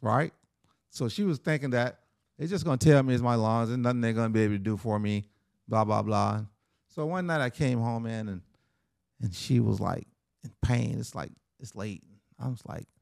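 A man's voice: mid-range voice, gravelly, darkish tone, no echo, studio quality. A middle-aged man telling a personal story in a casual, conversational way, often tagging lines with "right?" and "man".

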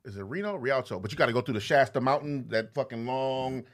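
A man's voice: mid-range voice, fast. A man telling a story in casual podcast chat, swearing freely and laughing through his punchlines. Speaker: podcast co-host.

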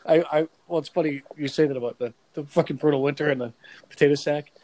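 A man's voice: on the high side, steady tone, quick pace, darkish tone, poor audio. A man spins a profane story for his podcast co-hosts. His voice sits a little above the usual male range, and he keeps laughing as he talks. It is loose, unfiltered banter. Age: 40s. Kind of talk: casual chat with profane storytelling.

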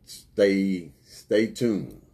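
A man hosting a podcast in an earnest, unhurried, thankful way. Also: low-pitched, animated, mellow, husky. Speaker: podcast host. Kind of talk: casual podcast talk.

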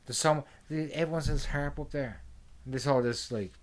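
A man's voice: mid-range voice, moderate pace. A man in casual chat, joking crudely and swearing freely as he swaps travel stories.

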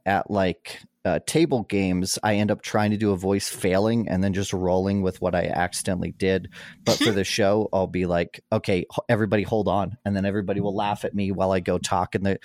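A man, game master of an actual-play podcast, chatting casually over a call with a rambling, relaxed manner. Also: fairly low pitch, no room sound, clean studio sound. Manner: rambling, relaxed, with frequent fillers and laughs. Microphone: remote call microphone.

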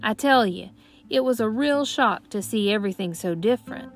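A woman's voice: medium pitch, expressive, moderate pace, faint music behind, voice pushed up, natural voice. A woman voicing a proud, bossy boy from long ago who talks in scornful, old-timey phrases in an audiobook. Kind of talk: audiobook narration.

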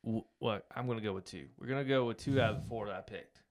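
A man hosting a podcast in casual chat, relaxed and chuckling, with asides that trail off. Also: lowish voice, quick pace. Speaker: podcast host.

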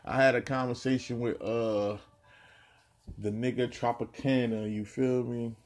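A man's voice: medium pitch, level tone, measured pace, a little mellow. A man from New Jersey talking in a casual monologue, ranting bluntly with heavy slang and a lot of repetition. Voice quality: gravelly, husky.

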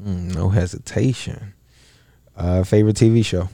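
Low gravelly dude asking quick questions, slangy and chill, dry close sound. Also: male voice, steady tone, warm tone, no echo. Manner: laid-back slangy, laughs often. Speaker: host asking rapid-fire questions. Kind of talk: casual chat.

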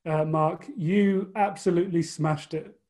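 British male co-host, slightly high pitch, dry humor, relaxed anecdotes. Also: a little slow. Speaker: podcast co-host. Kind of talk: casual podcast chat.

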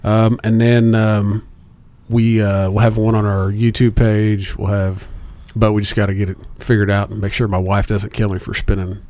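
A man's voice: on the low side, little pitch movement, normal speed, darkish tone. A man co-hosting a podcast, chatting casually, swearing freely and laughing often. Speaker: podcast co-host. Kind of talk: casual chat.

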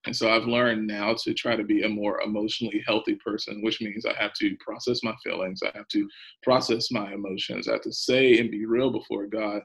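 A man's voice: lowish voice, little pitch movement, a little fast, gravelly, fairly bright tone, slightly rough, rough recording. A man, a pastor, speaking earnestly and openly in a podcast interview about his faith and hard times, with a nervous laugh now and then.

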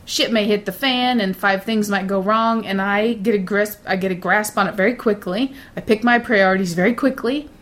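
A woman's voice: mid-range voice, moderate pace, hardly any pauses, fairly bright tone. A middle-aged woman, a shift supervisor, chatting casually in a blunt, self-assured way and mocking others with put-on voices when she quotes them. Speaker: data center shift supervisor. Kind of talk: casual chat.

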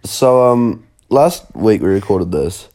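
A young New man co-hosts a podcast while sick, coughing with a sore throat. His voice is low and mellow, and he talks bluntly and casually, swearing as he goes. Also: expressive, slow pace. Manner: blunt, swearing, laid-back. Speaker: podcast co-host.

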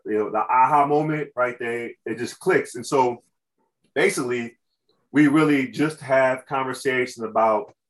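A man's voice: medium pitch, a bit bright, rough recording. A man, a college instructor, talking with fervent energy in an interview, often repeating words and filling with "like" and "you know". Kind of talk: passionate interview talk.

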